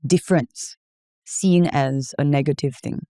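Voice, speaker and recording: Singaporean actress chatting on a podcast, accent all over the place, keeps firing off questions, dry close mic. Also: female voice, low voice, unhurried, no room sound. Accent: Singaporean mixed with American and British. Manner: animated, emphatic, rhetorical questions. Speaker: actor, podcast guest. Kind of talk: casual podcast chat.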